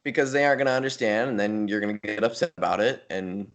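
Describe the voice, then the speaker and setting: A man co-hosting a podcast, talking casually about bodybuilding and coaching with a relaxed, rambling manner and frequent restarts. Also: lowish voice, fast talker. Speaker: podcast co-host. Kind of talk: casual chat.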